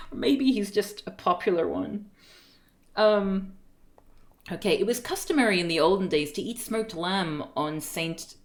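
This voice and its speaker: A woman streamer reading a book aloud on a live stream, breaking off with giggling asides and stumbling over unfamiliar words. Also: medium pitch.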